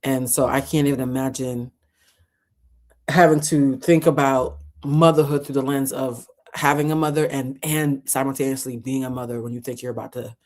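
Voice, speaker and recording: A woman's voice: extremely low pitch, fairly even intonation, moderate pace, darkish tone. A woman reacting to a clip with blunt, frank commentary and some profanity.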